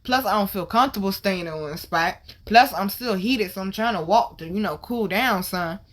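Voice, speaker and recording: A woman hosting her vlog, retelling a story in casual, animated, slang-heavy talk with plenty of swearing. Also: mid-range voice, normal speed. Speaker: vlog host.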